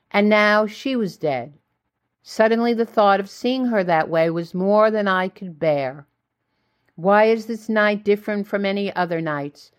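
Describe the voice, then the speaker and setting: A woman reading her own memoir in the first person, with measured, reflective storytelling. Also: mid-range voice, muffled recording. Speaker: memoir narrator.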